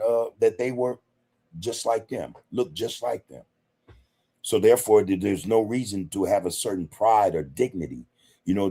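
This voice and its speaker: A man hosts a podcast, answering chat comments in a casual, emphatic, conversational way and repeatedly saying "man" and "you know." His voice is fairly low with a dark tone, picked up on a streaming setup microphone.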